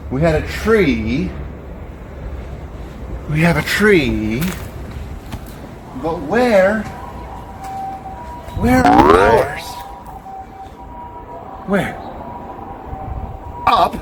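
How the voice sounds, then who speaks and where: Slow, lively man leading a kids' walk. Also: a little high. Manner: slow, exaggerated, coaxing kids to join in. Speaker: children's presenter. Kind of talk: children's educational walk-along. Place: outdoors by a river. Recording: outdoor noise with passing traffic.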